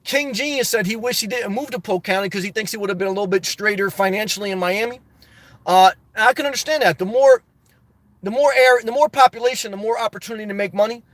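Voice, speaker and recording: Guy reading his chat out loud on a stream, kinda high voice, chatty and rambling. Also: fast talker, no room sound. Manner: chatty, reads viewer comments aloud and riffs on them. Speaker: YouTube channel host reading live chat. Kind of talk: casual livestream chat.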